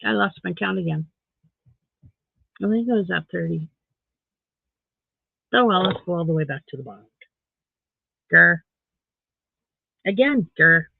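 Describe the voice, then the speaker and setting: A man with a high, gravelly voice chats on a home live stream while crocheting. He counts rows under his breath and greets viewers by name. The sound is thin and phone-like in a dead, dry room. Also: lively intonation, a little slow, pauses often, no echo. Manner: chatty, counts stitches aloud under the breath.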